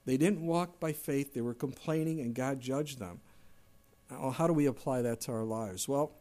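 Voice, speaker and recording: A man's voice: medium pitch, normal speed, mellow. A middle-aged man preaching a sermon in a conversational way, now and then acting out whiny complaints in a raised voice. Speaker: pastor.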